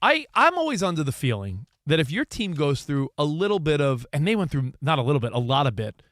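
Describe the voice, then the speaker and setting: A man co-hosting a sports talk radio show from a studio, bantering and teasing with quick jokes. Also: on the high side, very animated, fairly bright tone, no room sound.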